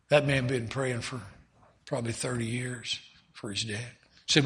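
A man's voice: mid-range voice, unhurried, pauses often, bright, forceful tone, husky. A man preaching a sermon, telling a folksy story with many quoted lines.

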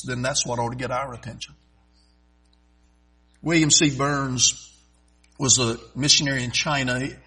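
A middle-aged man preaching a sermon in a folksy, emphatic way, swelling loud and stretching out key phrases. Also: medium pitch, husky, low-quality recording.

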